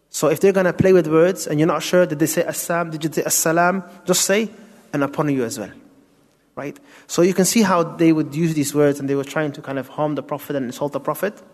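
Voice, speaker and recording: A man's voice: on the high side, a little mellow. Man teaching Quran tafsir in a hall. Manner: explains step by step, asks rhetorical questions, mixes Arabic terms. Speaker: Islamic teacher. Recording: long hall reverb.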